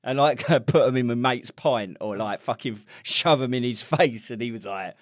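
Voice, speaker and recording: A man's voice: mid-range voice, normal speed, no echo, studio quality. A middle-aged man from England, co-hosting a podcast in sweary, rambling banter. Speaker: podcast co-host. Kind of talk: casual chat.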